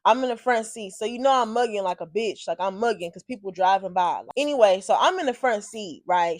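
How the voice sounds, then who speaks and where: A woman vlogger telling a story casually, with animated, profanity-heavy, exasperated delivery. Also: mid-range voice, a little fast, few pauses, no room sound.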